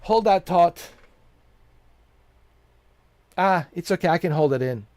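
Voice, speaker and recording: A man's voice: high voice, expressive, slow pace, a little mellow, no echo. A man streaming a video game, chatting casually and joking with his viewers, laughing often. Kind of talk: casual live-stream commentary.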